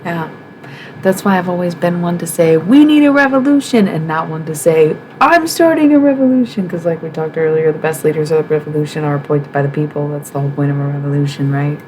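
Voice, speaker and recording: Woman streamer from the Midwest, low voice, frank and emphatic, casual monologue. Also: monotone, quick pace, dark tone, slight background noise, low-quality recording. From American Midwest. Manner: frank and emphatic, swearing, rhetorical questions. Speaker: livestream host.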